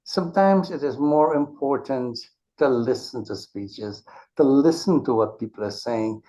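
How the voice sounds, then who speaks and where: Man explaining in measured tones. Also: medium pitch, dark tone. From Caribbean. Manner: measured, explanatory, with frequent restarts. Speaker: author and interview guest. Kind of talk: conversational interview. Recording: dull lo-fi interview audio.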